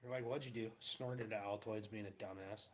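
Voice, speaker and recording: A man's voice: on the low side, steady tone, normal speed. A young man casually telling rambling, laughing stories in his garage and acting out the quotes. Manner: rambling, laughing storyteller who acts out quotes. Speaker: vlogger. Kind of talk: casual storytelling. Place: home garage.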